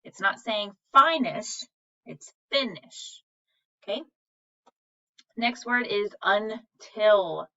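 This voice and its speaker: A woman's voice: mid-range voice, takes it slowly, gravelly, pauses often, fairly bright tone. A woman teacher giving a recorded reading lesson, patiently sounding out words syllable by syllable. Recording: dull, slightly distant recording.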